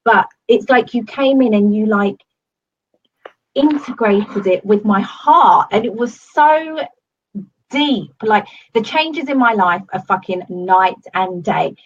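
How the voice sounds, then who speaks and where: A woman's voice: mid-range voice, expressive, takes it slowly, muffled recording, slight background noise. A woman giving a casual testimonial to her coach, gushing and swearing often, with many fillers. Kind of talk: casual video-call testimonial.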